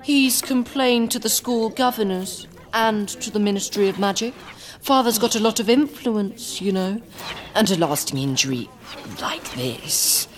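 A woman's voice: mid-range voice, expressive, a little slow, pitched above the performer's own voice, lightly acted. A woman voicing a spoiled, scheming schoolboy who drawls and mocks. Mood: mocking. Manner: drawling, mocking.

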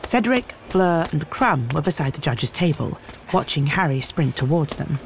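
Male audiobook narrator, measured. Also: on the high side, gravelly, slight background noise. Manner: measured, expressive storytelling. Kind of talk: scripted narration.

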